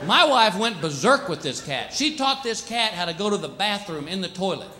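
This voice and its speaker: A man doing stand-up comedy with punchy, animated storytelling. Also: high voice, moderate pace.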